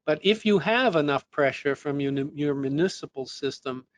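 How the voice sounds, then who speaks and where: A man's voice: on the high side, lively intonation, moderate pace. A man presenting a technical webinar lesson, explaining step by step with fillers and restarts, his voice a little worn. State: losing his voice.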